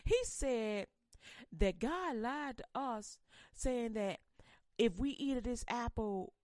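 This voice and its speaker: A woman's voice: on the high side, expressive, takes it slowly, darkish tone, dry recording, studio quality. A woman voicing a sassy, carefree young wife coaxing her husband.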